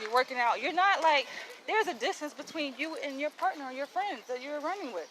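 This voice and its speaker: Walking outdoors on a city street, a vlogger chats to her viewers in a high-pitched, animated voice at a fairly quick pace. She's blunt and chatty, calling them y'all, with outdoor street noise in the background.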